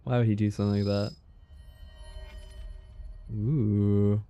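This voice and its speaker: A man's voice: on the low side, little pitch movement, slow, warm tone, dull audio, soft background music. A man hosting a game stream, chatting casually and reacting playfully aloud. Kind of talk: casual let's-play chat.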